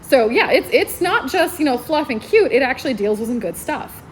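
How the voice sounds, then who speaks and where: A woman's voice: high voice, expressive, moderate pace, a little hiss or hum. Gushing, giggly woman librarian. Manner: gushing, enthusiastic, laughs often. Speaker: librarian presenting book picks. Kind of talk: convention panel talk. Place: convention panel room.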